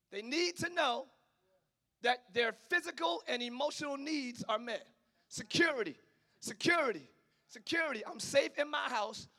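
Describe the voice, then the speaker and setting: Male preacher; bright, sharp tone, animated delivery with sudden shouts. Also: very high-pitched. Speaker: pastor. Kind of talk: sermon.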